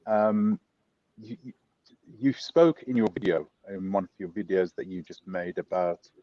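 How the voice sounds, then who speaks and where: A man's voice: low voice, measured pace, warm tone, dry recording, highs cut off. A man interviewing a guest in a casual chat, asking rambling questions and correcting himself as he goes.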